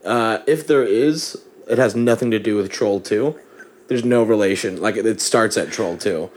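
A man's voice: fairly low pitch, moderate pace. A man hosting a casual podcast, playfully running a movie-quote quiz. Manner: playful, laughing, chatty. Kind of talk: casual chat.

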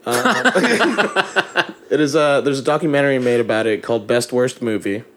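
A playful, chatty man hosting a casual podcast and running a movie-quote guessing game. He talks easily, with plenty of laughter, in a medium-pitched voice. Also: lively intonation, normal speed, a bit bright. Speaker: podcast host running a quiz. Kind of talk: casual chat.

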